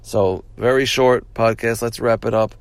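A man's voice: mid-range voice, steady tone, unhurried, no room sound. A man hosting an advice podcast, talking it through in a repetitive way and restarting his phrases as he explains. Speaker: podcast host.

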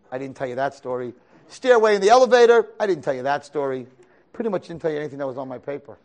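A man giving a storytelling lecture as a rabbi, animated, moving between quiet asides and loud dramatic peaks. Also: mid-range voice. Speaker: rabbi teaching a class.

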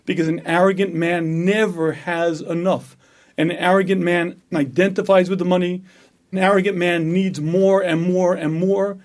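Emphatic high-voiced rabbi lecturing. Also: male voice. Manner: emphatic, rhetorical questions. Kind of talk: Torah lecture.

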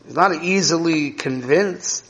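Slow, higher-voiced man teaching Torah. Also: fairly bright tone. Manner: checks in with listeners, 'right?' and 'okay?'. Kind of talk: Torah class explaining a parable. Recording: reverberant hall.

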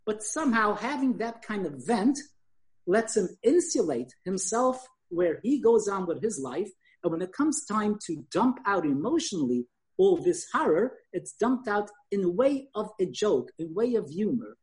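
An older woman giving a lecture, telling an anecdote in an animated, conversational way. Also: medium pitch, moderate pace.

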